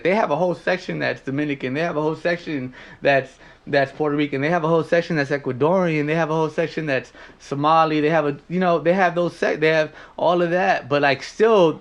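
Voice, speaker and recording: A young man with a Los Angeles South Central twang talks in a fairly high, animated voice. He chats casually as a podcast co-host, cursing freely and circling back with likes and restarts. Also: a little fast, few pauses. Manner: animated, profane, lots of fillers and restarts. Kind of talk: casual chat.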